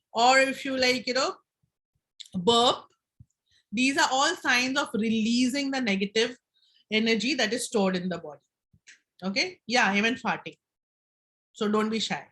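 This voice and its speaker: A middle-aged woman leading a wellness session, guiding slow breathing exercises and affirmations in a gentle, instructive way. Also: fairly high pitch, rough recording. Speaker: wellness speaker.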